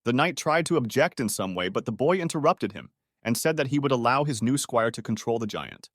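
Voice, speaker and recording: A man narrating a comic story recap in a steady, even reading of reported speech. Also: mid-range voice, brisk, no room sound, clean studio sound.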